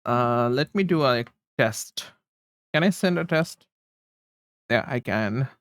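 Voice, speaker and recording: Slow-talking man chatting on stream. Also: mid-range voice, animated, a bit bright, no echo, clean studio sound. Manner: rambling, chuckles often, talks to chat while fiddling with settings. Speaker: livestreamer. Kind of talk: casual livestream chat.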